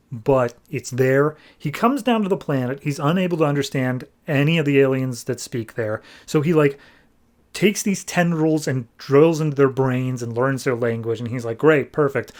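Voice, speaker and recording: Man, podcast host, casual comic recap, chatty, filler-heavy, mid pitch. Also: a little mellow. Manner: chatty, filler-heavy retelling with quoted asides.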